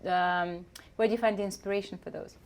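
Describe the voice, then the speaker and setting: A woman's voice: medium pitch, fairly even intonation, fast, a little hiss or hum. A woman hosts the interview in a mid-range voice. She is encouraging toward her guest and stumbles a little as she builds her questions. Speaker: interview host. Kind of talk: casual interview chat.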